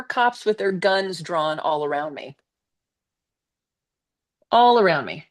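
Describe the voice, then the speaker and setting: A woman, a guest on a live stream, telling a personal story in a casual, animated way with blunt swearing. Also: lowish voice, slow, long pauses.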